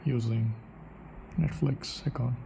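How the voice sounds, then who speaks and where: A man summing up his thoughts in a casual spoken way, musing aloud with halting pauses and questions to himself. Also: medium pitch, fairly even intonation, vocal fry, noisy background. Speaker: channel host.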